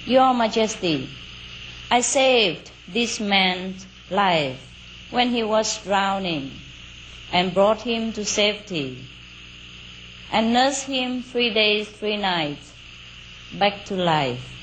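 A woman voicing a noble male golden deer in a folk tale, speaking in a measured, dignified way. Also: medium pitch, expressive, a bit bright, a little hiss or hum, poor audio.

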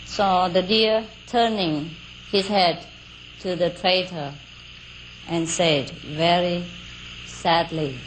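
A woman telling a folk tale aloud in a relaxed, unhurried way, with chatty asides, fillers and small laughs. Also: lowish voice, low-quality recording. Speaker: storyteller. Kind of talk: casual oral storytelling. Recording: faint outdoor cricket noise.

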